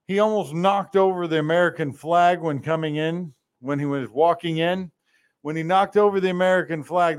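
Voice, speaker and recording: A man hosting a political talk show, delivering sarcastic, mocking commentary. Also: fairly high pitch.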